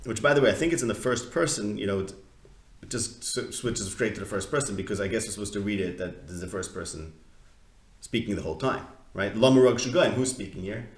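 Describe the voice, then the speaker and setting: A man's voice: on the low side, fast. A man teaching a text study class in a conversational, questioning way, often restarting his sentences. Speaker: Torah teacher. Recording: echoey room.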